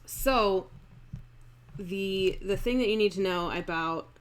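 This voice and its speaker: A woman teaching Shakespeare verse in a live-streamed lesson, explaining in an unhurried way with fillers and restarts. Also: mid-range voice, slight background noise. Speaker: acting teacher.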